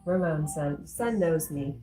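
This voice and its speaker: A woman with a low, mellow voice hosts a casual livestream, reading chat messages aloud and replying to each one. Faint music plays in the background. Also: takes it slowly. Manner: warm, reads chat comments aloud, gets emotional.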